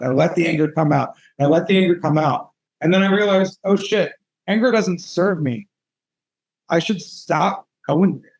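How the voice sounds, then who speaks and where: Brief: man in his thirties, light high-set voice, swears freely, animated candid storyteller on an interview. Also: low-quality recording. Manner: profane, animated, self-mocking storytelling. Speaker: tattoo artist guest.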